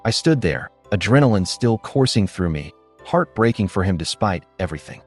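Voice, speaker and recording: A man giving scripted, expressive narration of a first-person story. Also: low voice, moderate pace, breathy edge, faint music behind.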